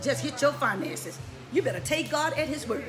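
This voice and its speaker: A woman preaching on a live stream, emphatic and repetitive, often laughing and breaking into shouts. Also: sits high, animated, moderate pace, music in the background.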